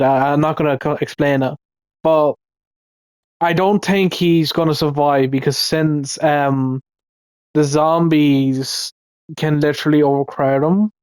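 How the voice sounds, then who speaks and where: A man's voice: a little high, clean tone, no room sound. A man giving casual, ranting commentary in a rambling way, swearing often and restarting his sentences. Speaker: video commentator.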